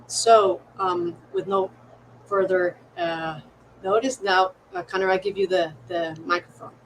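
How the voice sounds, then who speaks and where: A woman's voice: fairly low pitch, steady tone, measured pace, a little hiss or hum, low-quality recording. A woman moderating an academic lecture introduces the guest speaker hesitantly, with many fillers and tag questions.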